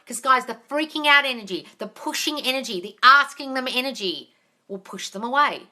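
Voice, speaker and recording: A woman hosting a live question-and-answer stream as a manifestation coach, blunt and brisk, swearing freely and sounding exasperated. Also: high-pitched, animated, pushed and bright.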